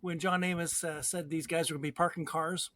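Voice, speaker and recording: A man's voice: on the high side, steady tone, fairly quick, fairly bright tone. A man co-hosting a casual movie podcast, reading out trivia and reacting with amusement. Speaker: podcast co-host. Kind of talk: casual movie chat over drinks.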